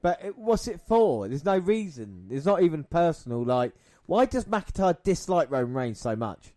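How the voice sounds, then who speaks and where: A man's voice: on the high side, big pitch swings, normal speed, dark tone, dry recording, studio quality. A man co-hosting a podcast, giving casual wrestling commentary in a sarcastic, swearing manner. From half Scottish. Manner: sarcastic, swearing, laughs often. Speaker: podcast co-host.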